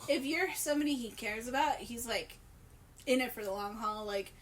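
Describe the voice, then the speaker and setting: A podcast co-host tells a story in a casual chat, giggly, profane and rambling. Her voice is a little high and fairly bright, at a moderate pace.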